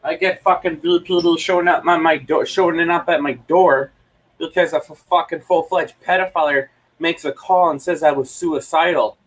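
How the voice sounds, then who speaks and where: A man's voice: a little high, far from the mic, low-quality recording. Man ranting, heated and swearing. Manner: heated, swearing, repeats himself. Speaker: livestreamer. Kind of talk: angry profane rant. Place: at home.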